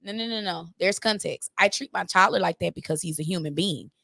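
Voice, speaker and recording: A woman's voice: on the low side, a little fast, vocal fry, pushed and bright, no room sound, studio quality. A woman on a podcast panel, arguing in a fiery, profane way and talking over the others. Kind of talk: heated debate.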